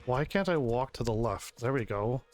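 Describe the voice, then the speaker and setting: A man's voice: mid-range voice, lively intonation, moderate pace, darkish tone, soft background music. A man streaming a game who chats to his audience, laughs often, and reads the game's narration aloud. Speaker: gaming streamer. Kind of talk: casual game commentary.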